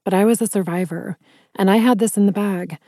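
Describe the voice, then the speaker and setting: A woman narrating a first-person fantasy audiobook in a measured, wry storytelling manner. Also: mid-range voice, warm tone, no echo, clean studio sound.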